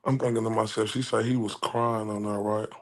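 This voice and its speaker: A man's voice: lowish voice, little pitch movement, brisk. A man giving casual commentary, chuckling between phrases and often repeating himself. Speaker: commentary vlogger.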